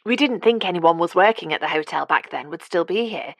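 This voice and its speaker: A woman's voice: lowish voice, animated, brisk, dry recording. A woman voicing a friendly young woman in an audiobook.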